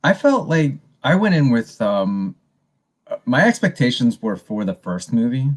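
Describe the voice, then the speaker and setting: A man's voice: medium pitch, very animated, measured pace. A man co-hosting a casual podcast, rambling with many restarts and retelling scenes with animation. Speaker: podcast co-host. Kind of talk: casual movie review chat.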